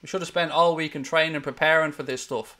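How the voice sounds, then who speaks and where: A man's voice: fairly high pitch, fairly even intonation, quick pace, sharp tone. A man hosting live match commentary, calling play-by-play in a heated, sweary way. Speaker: host.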